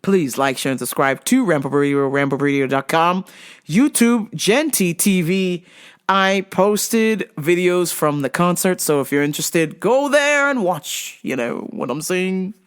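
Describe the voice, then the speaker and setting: A woman's voice: lowish voice, smooth. Profane, fired-up woman podcast host. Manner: profane, animated ranting with drawn-out emphatic words; laughs between rants. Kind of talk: casual podcast rant.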